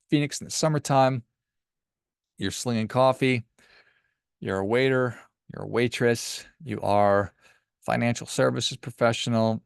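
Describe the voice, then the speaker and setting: A man's voice: medium pitch, gravelly, no echo, studio quality. A man hosting a money podcast, giving emphatic, encouraging advice about work and telling a story. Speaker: podcast host and financial advisor. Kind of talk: motivational podcast monologue.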